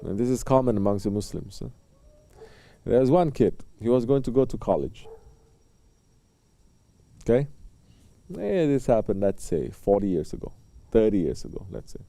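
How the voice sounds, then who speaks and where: A man preaching in a very dark, mellow voice, taking his time with pauses and soft fillers between phrases. He tells little stories and briefly plays the people in them as he teaches. The sound is close and dry, with no room echo. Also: fairly low pitch, animated, creaky. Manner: storytelling, acting out short exchanges between people. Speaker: Sufi religious teacher. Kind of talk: sermon.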